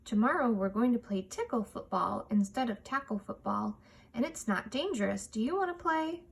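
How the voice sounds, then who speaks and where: A woman's voice: a little high, expressive, moderate pace, vocal fry, far from the mic, a little hiss or hum. A woman voicing a big, boisterous boy monster in a storybook, bluff and offhand.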